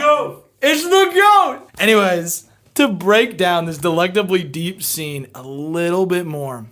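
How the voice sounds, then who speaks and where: A video essayist reviewing a TV episode, swearing freely and swinging between excited shouting and quiet reflection. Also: mid-range voice, husky. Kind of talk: impassioned review commentary.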